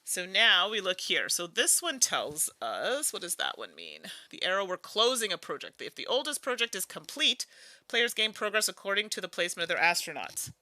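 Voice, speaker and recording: A woman's voice: medium pitch, sing-song, moderate pace, pushed and bright, dry recording. A woman hosting a solo board game playthrough. She talks through each move in a chatty, musing way, humming and laughing between moves. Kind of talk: casual think-aloud playthrough.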